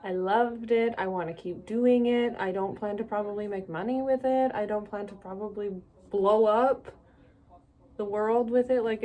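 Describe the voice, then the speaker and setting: Young canadian woman rambling in a solo vlog, laughs at herself a lot, middle-pitched voice. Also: mellow. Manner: rambling, self-deprecating, laughs often. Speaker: vlogger.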